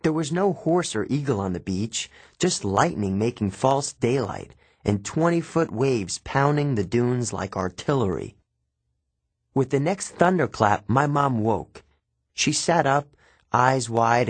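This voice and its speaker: Husky man narrating an audiobook. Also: mid-range voice, dry recording. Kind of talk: first-person audiobook narration.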